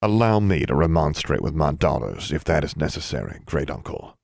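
A man voicing a tall bearded ghost father with a deep voice, courteous and measured, in a storybook reading. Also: sing-song, vocal fry, darkish tone, no echo, clean studio sound, exaggerated voice. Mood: gentle.

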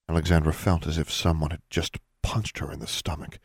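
A man narrating an audiobook in a steady, even reading voice. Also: very deep voice, a little fast, gravelly, slightly rough, no echo, studio quality.

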